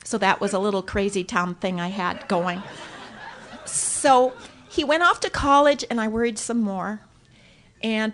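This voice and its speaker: A woman giving a personal story share at a recovery meeting, animated and acting out her own thoughts as she tells it. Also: medium pitch. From Southern California. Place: hotel conference room.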